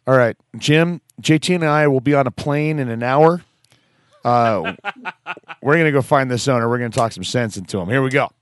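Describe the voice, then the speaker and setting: A man hosting a call-in talk show, chatting casually with callers in a jokey, upbeat way. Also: medium pitch. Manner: jokey, upbeat, quick asides. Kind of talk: casual radio chat.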